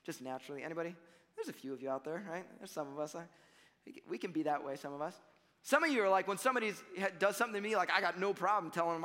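Bright high-voiced man preaching in a hall. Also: very fast. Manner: animated, conversational preaching with shifts between loud emphasis and quiet asides. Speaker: pastor. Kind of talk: sermon.

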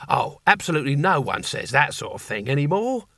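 A man voicing a slick, busy male genie who talks in breezy, drawn-out sales patter. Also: fairly high pitch, very animated, fairly bright tone, no room sound, clean studio sound, full character voice.

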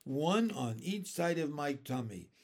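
A man's voice: on the high side, big pitch swings, unhurried, darkish tone, heavily acted. A man voicing a kindly old green grasshopper who explains things proudly, in a storybook reading. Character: old green male grasshopper, gentle and wise.

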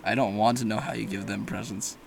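A man's voice: on the low side, steady tone, a little fast, creaky, slightly rough. A young man hosting a casual podcast chat, rambling and joking with frequent laughter. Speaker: podcast host.

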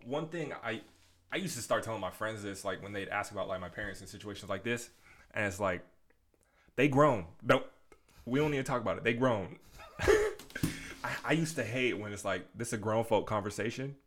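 A man in his twenties co-hosting a podcast, relaxed and agreeable, often backing up his co-host with short replies. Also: fairly low pitch, fairly quick. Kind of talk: casual podcast chat.

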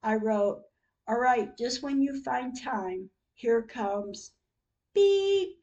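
A woman reads her own diary entries aloud for a podcast. She goes slowly and earnestly, with a mellow, darker tone. She sounds heartfelt the whole way through. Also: fairly high pitch, low-quality recording. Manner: slow, earnest, heartfelt reading.

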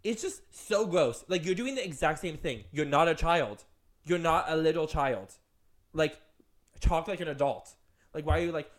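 Animated ranting young man. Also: fairly high pitch, normal speed. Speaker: podcast co-host. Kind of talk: casual chat.

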